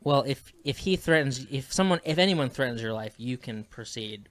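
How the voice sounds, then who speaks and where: A man's voice: mid-range voice, lively intonation, moderate pace. A man co-hosting a podcast in casual chat, explaining things in a matter-of-fact way. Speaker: podcast co-host.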